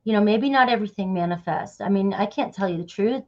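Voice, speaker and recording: A woman's voice: medium pitch, quick pace, lo-fi sound. A woman giving a casual tarot reading, chatty and loose, often dropping in "all right" and "okay". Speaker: tarot reader.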